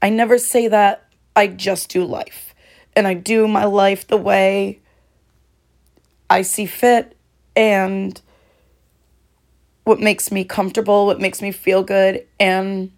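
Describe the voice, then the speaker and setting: A woman hosting her own podcast, talking alone in a heartfelt, reflective way, her voice hoarse and cracking. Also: medium pitch. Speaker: podcast host. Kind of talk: solo podcast monologue.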